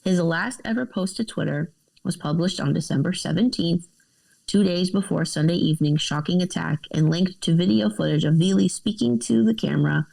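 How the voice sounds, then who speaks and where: A woman's voice: fairly low pitch, moderate pace, creaky, warm tone, rough recording. A woman co-hosting a podcast, reading news articles aloud with casual asides and laughs.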